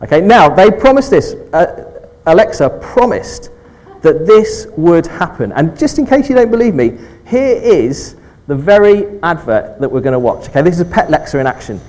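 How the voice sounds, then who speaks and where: A man's voice: on the high side, big pitch swings, moderate pace, a little mellow, poor audio. A man leading an informal all-age church talk, friendly and chatty, often checking in with "okay" and talking with children.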